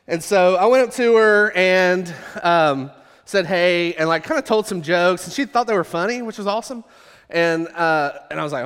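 Male pastor, humorous storyteller, higher voice, lots of hall reverb. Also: moderate pace, fairly bright tone, clear, resonant tone. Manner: humorous, self-deprecating storyteller. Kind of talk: storytelling sermon.

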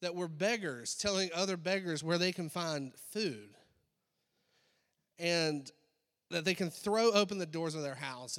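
A male pastor delivers a sermon in a loose, conversational way, filling pauses with ums and uhs. His voice sits a little high for a man. Long reverb from a large hall trails each phrase. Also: fairly bright tone. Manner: conversational preaching with many fillers.

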